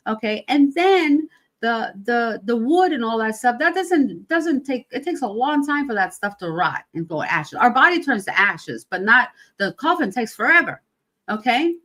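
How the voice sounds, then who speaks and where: Woman in her fifties, podcast host, rambling, emphatic, fairly high voice. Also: sharp tone. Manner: rambling, emphatic, rhetorical questions. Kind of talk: casual monologue on grief.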